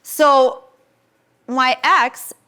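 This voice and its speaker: Animated middle-aged woman telling a story. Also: high voice, very slow, clean tone. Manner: animated storyteller, acts out others' lines. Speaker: podcast guest. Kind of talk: casual storytelling chat.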